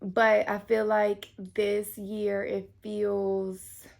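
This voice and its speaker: Chatty gravelly-voiced woman in her thirties. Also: medium pitch, completely flat delivery, drawn-out words, darkish tone. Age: 30s. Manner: chatty, lots of fillers, swears casually. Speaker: tarot reader. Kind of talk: casual tarot reading to camera.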